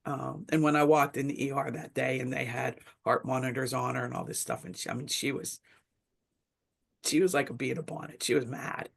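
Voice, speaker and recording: A woman's voice: rumbling low, steady tone, brisk, creaky. A middle-aged woman speaking as a webinar panelist, telling a reflective story in a casual discussion, with many fillers.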